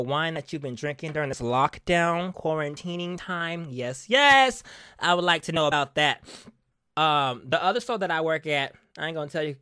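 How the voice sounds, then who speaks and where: Sassy, theatrical man with lively pitch. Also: no echo, clean studio sound. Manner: sassy, theatrical, calls listeners honey; drawn-out, emphatic repetition. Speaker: podcast host. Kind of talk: casual chat.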